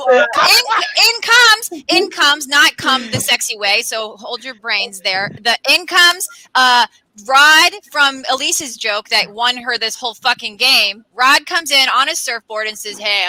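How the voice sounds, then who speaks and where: A woman's voice: on the high side, sharp tone, poor audio. A woman comedian improvising a crude, rambling comic story over a video call. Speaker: comedian contestant.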